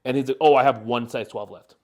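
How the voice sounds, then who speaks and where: A man's voice: mid-range voice, fairly even intonation, fast talker, darkish tone. A young man in his twenties, co-hosting a podcast and telling a long rambling story with lots of fillers. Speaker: podcast co-host. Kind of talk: casual chat, storytelling.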